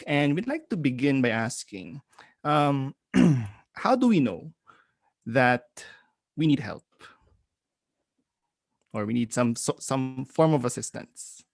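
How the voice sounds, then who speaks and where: A podcast co-host with a Filipino accent, speaking over a video call in a relaxed way. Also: medium pitch, slow, gravelly, pauses often, no room sound, clean studio sound. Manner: relaxed, laughs between remarks. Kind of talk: casual webinar chat.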